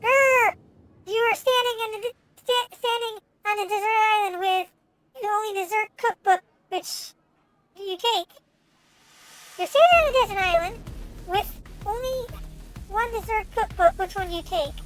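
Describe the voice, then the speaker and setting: A young woman streamer reading a game's text aloud with animated commentary, stumbling over words and bursting out excitedly. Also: very high voice, moderate pace, long pauses, rough recording. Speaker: VTuber streamer.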